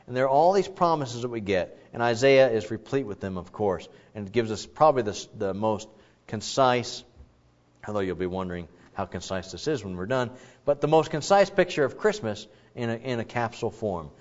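A man preaching a sermon, reading scripture dramatically and acting out the quotes in an animated, theatrical way. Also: medium pitch, fairly quick. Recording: dull lo-fi recording.

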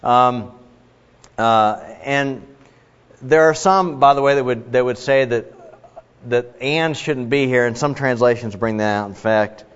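A man's voice: medium pitch, measured pace, smooth. A man teaching a casual Bible study lesson and walking through a sentence diagram, chatty and self-deprecating, full of fillers and restarts. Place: work-from-home setting. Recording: dull lo-fi sound with long reverb.

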